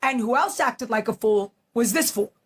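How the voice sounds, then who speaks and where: A woman's voice: on the high side, normal speed, breathy edge. A woman makes her point insistently and repeats it in heated casual talk.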